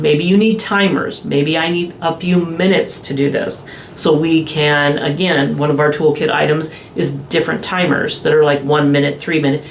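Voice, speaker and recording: A woman specialist in children's behavior explaining calming strategies in a podcast interview, slowing down gently when she models soothing phrases. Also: deep voice, slight background noise. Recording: echoey room with faint ambience.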